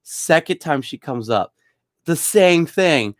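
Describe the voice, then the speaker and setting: A man's voice: on the high side, lively intonation, slow pace, no room sound, studio quality. Rambling young man telling work stories. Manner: rambling, chuckles often. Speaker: bartender. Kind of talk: casual storytelling.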